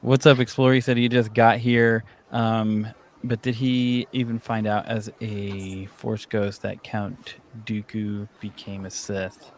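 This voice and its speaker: A man's voice: lowish voice, flat delivery, unhurried. A man hosting a casual livestream, greeting viewers by name and chatting with his co-hosts. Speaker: livestream host.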